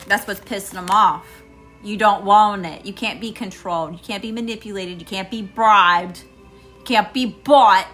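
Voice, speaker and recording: Middle-aged Southern US woman, tarot reader, crisp bright tone, punchy and direct. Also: mid-range voice, normal speed, soft background music. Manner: emphatic, talks straight to viewers. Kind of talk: live tarot reading.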